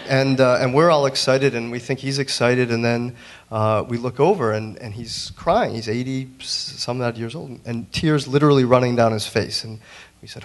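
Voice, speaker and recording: A man on a museum panel, a digital printmaker telling a story in an earnest, halting way with many restarts. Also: mid-range voice, steady tone. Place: museum auditorium.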